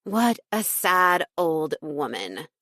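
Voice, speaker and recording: A woman's voice: low-pitched, big pitch swings, takes it slowly, bright, forceful tone, no room sound, studio quality, full character voice. A woman voicing a snobbish popular teenage girl who drawls her dismissive lines. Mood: scornful.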